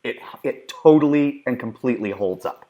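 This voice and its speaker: A man's voice: mid-range voice, lively intonation, normal speed, narrow, tinny audio. A man co-hosting a movie podcast in casual chat, enthusiastic and emphatic with a joking streak. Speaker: podcast co-host.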